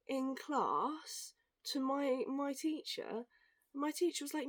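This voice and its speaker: A young woman telling stories in a casual, animated rant, swearing and acting out what others said. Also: high-pitched, no echo. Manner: animated, swearing, quick asides, acts out quoted voices. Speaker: vlogger.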